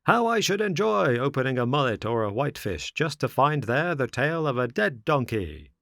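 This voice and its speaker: A man voicing a greedy grown man who buys a puppet, with a gruff, indignant manner. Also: mid-range voice, big pitch swings, normal speed, fairly bright tone, dry recording, clean studio sound, pitched above the performer's own voice. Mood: angry.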